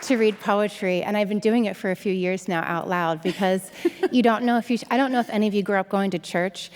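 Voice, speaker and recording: A woman's voice: medium pitch, brisk. Bubbly woman poet on a hall stage. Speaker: poet and guest. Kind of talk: live stage interview. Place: theater stage before an audience. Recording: long hall reverb.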